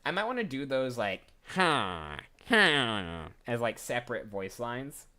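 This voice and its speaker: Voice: medium pitch, sing-song, moderate pace, a bit bright. A voice actor chatting casually while browsing job listings, rambling and often cutting themself off. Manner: chatty, rambling, self-interrupting. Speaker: voice actor streaming job applications. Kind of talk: casual chat.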